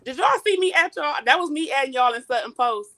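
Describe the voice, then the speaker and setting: A woman's voice: sits high, expressive, fast, sharp tone. A woman calling into a live show, chatting in a playful, gossipy way. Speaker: caller. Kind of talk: casual call-in chat.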